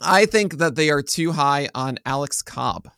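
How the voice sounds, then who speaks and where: A man co-hosting a podcast, chatting casually and joking, often trailing off into quieter asides. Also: a little high, lively intonation, a little slow, vocal fry, smooth, no room sound, studio quality. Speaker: podcast co-host. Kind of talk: casual chat.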